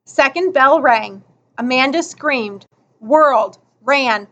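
A woman reads a children's story aloud at an unhurried pace, her high voice rising and falling with expression. The recording is slightly muffled and dull. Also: expressive, a bit bright. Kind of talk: children's book read aloud.

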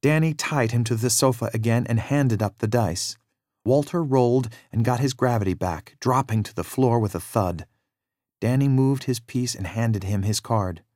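A man narrating a children's adventure story in a measured, expressive read-aloud style, with a very dry sound. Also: medium pitch, dry recording.

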